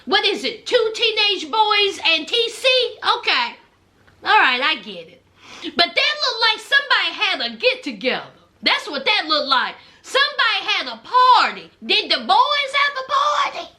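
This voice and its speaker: A woman's voice: extremely high pitch, very animated, a little slow, pushed and bright. A woman hosting a reality TV recap, telling it as a sassy, dramatic story in casual commentary. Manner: sassy, dramatic storytelling, calls listeners honey.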